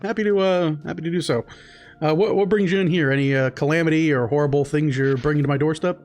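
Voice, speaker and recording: A man's voice: on the high side, quick pace, a little mellow, faint music behind, natural voice. A man voicing a polite middle-aged male deputy to a warden, courteous and rambling with fillers.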